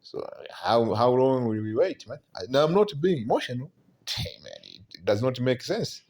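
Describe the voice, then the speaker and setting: A man's voice: medium pitch, very animated, darkish tone. Man preaching prophecy, repeating "man". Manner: keeps tagging lines with "man", halting repeats; reads scripture aloud between remarks.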